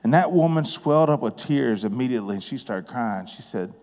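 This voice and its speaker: A man preaches in a folksy, plain-spoken way, his voice sitting at an ordinary middle pitch. He talks to the room like he's chatting with neighbors. Long reverb from the church hall trails behind every phrase. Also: lively intonation, fairly quick, a little mellow. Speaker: guest preacher and business owner. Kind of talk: sermon with personal storytelling. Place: church sanctuary.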